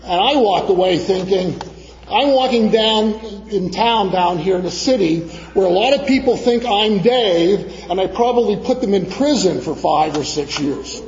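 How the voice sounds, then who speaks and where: Storytelling preacher, a man with a high-pitched voice. Dull recording in a reverberant church. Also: a little slow, a little mellow. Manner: storytelling, acting out the voices of others. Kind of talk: sermon with a personal story.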